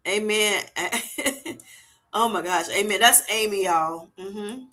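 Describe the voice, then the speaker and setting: Eine Frau mit heller, klarer Stimme moderiert locker einen Livestream. Sie plaudert gesprächig, liest Zuschauerkommentare vor und streut oft "you know" ein. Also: female voice, medium pitch, slow, sharp tone. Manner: chatty, lots of fillers like "you know" and "y'all". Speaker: livestream host. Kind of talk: casual livestream chat, reading viewer comments aloud.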